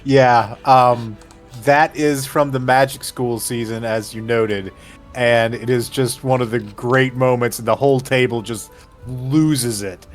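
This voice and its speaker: A man's voice: mid-range voice, a little slow. Man, livestream co-host, enthusiastic storyteller, casual chat, faint music behind. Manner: animated storyteller, recounts scenes with acted quotes.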